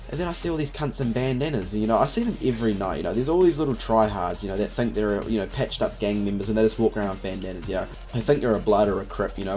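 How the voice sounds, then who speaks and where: A man's voice: mid-range voice, darkish tone. A young man telling a rambling story in a casual vlog, swearing constantly and filling every gap with "you know". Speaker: vlogger.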